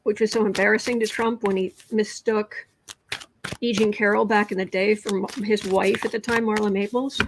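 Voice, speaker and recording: An American woman hosts a casual tarot livestream as a tarot reader, reading viewer comments aloud and occasionally dropping to a whisper. Her mid-range voice is steady at a moderate pace, with background noise present.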